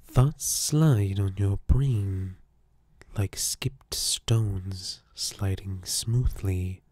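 Man playing a snarky guy in whispered role-play, soft breathy whisper, very slow, deadpan teasing. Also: deep voice, no echo, heavily acted. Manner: deadpan, mock-soothing insults. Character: snarky male character whispering ASMR, teasing fans.

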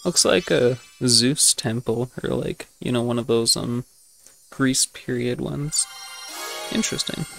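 Man, mid-pitched let's-play host; rambling, self-deprecating, faint game music behind. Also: measured pace, vocal fry. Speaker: gaming channel host. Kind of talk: casual let's play commentary.

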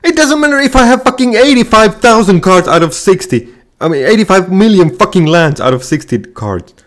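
A man's voice: high-pitched, expressive, a little fast, fairly bright tone. A man ranting and swearing constantly while playing a card game, frustrated and repeating himself. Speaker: gamer. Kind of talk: ranting gameplay commentary.

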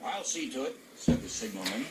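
A woman narrating a children's story with expressive, playful storytelling, heard from a played show clip. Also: deep voice, fairly quick, creaky, reverberant, distant mic. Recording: show clip played over loud crowd. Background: loud crowd.

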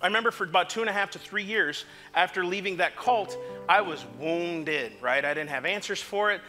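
High-voiced impassioned male preacher. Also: brisk, faint music behind. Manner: impassioned, swings from quiet to shouting. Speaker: pastor. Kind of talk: sermon. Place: church sanctuary.

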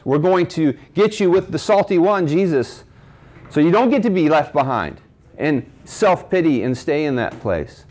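A man preaching to a men's group at a breakfast, asking the listeners questions and quoting scripture. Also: a little high. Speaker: speaker at a men's ministry breakfast. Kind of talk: sermon. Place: cafe.

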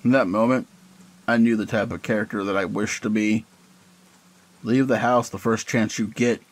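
A man's voice: lowish voice, fairly even intonation, normal speed, poor audio. A man giving a dramatic, intense narration of a first-person horror story.

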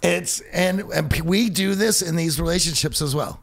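Gravelly-voiced American man co-hosting. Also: on the high side, normal speed. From Pittsburgh, USA. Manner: restarts, stammers, rising emphasis. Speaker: podcast co-host. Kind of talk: casual podcast conversation.

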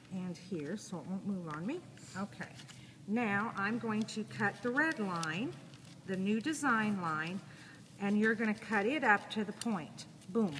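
A woman teaching a sewing class, talking casually and thinking out loud as she demonstrates. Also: medium pitch. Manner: casual, chatty, thinking aloud while working. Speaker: sewing instructor. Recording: echoey room with audible noise.

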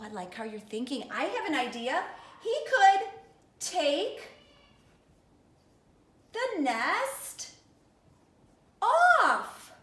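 A woman with an extremely high-pitched, fairly bright voice, recorded with reverb, teaches young children. Giving a lesson and reading a story, she encourages them and calls them her friends.

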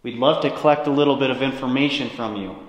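A man's voice: medium pitch, quick pace. A young man hosting a paranormal investigation, politely coaxing and pleading with spirits to show themselves inside an old building. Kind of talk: casual ghost-hunting narration. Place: large old ballroom and hallways of a historic saloon building, indoors. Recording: echoey hall with long reverb.

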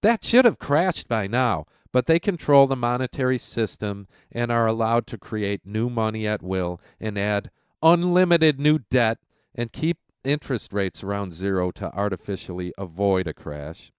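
Male talk-radio host, congested and stuffy, heated sarcastic rant, smooth resonant tone, dry close sound. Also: fairly low pitch, expressive, normal speed, no echo. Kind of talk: political commentary rant. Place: at home.

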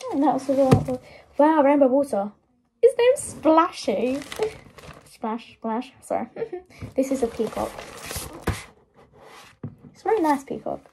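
A woman's voice: high-pitched, a little slow, pauses often, noisy background. A woman chatting casually on camera through earbuds, giggling and rambling with self-mocking asides. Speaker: vlogger. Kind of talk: casual show-and-tell chat. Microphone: wireless earbuds.

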